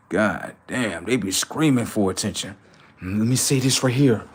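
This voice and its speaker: A man's voice: lowish voice, normal speed, breathy edge. A man hosting a casual livestream, mocking and scolding his chat with teasing, repetitive remarks. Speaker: livestream host.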